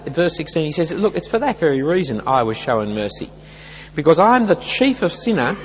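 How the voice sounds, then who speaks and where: A man preaches a sermon, his voice rising and falling with lively emphasis as he builds through repeated phrases. The sound is dull and slightly muffled, with a long hall reverb and a faint hum underneath. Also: mid-range voice. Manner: earnest, emphatic build-ups with lively rises and falls. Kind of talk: expository sermon.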